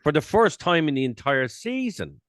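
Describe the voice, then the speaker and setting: A man co-hosting a casual podcast chat, animated, swearing and acting out his own reactions. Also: fairly high pitch, moderate pace, no echo, clean studio sound. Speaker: podcast co-host.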